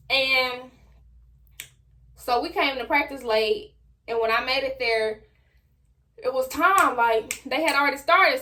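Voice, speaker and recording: A young adult woman telling a personal story straight to her viewers in a casual, slangy, animated way. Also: a little high. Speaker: vlogger.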